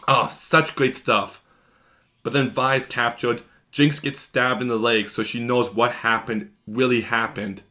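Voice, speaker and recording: A man's voice: mid-range voice, fairly even intonation, unhurried, pushed and bright. A man giving an enthusiastic, gushing episode recap as a video reviewer, talking in long run-on strings.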